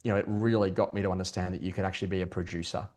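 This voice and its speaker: A middle-aged man, a performance coach, talking as a guest in a podcast interview, telling stories quickly with lots of restarts. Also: low-pitched. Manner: fast, animated storytelling with many restarts.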